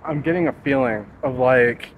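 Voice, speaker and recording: A man's voice: medium pitch, normal speed, phone-quality sound. A young man on a nighttime ghost hunt, talking in a jumpy, rambling way with lots of swearing and fillers. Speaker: ghost-hunting vlogger. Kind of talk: casual paranormal investigation chat. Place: outdoors at night near a school. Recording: outdoor recording with street noise.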